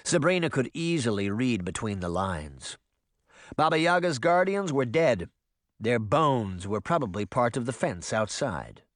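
A man narrating an audiobook in an expressive, dramatic storytelling manner. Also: medium pitch, measured pace, dry recording, studio quality.

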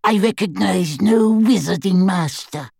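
A reader voicing a sly, higher-voiced male goblin who talks in a cold, clipped, mocking way. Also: measured pace, creaky, darkish tone, no echo, clean studio sound. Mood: scornful. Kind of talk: audiobook character voice.

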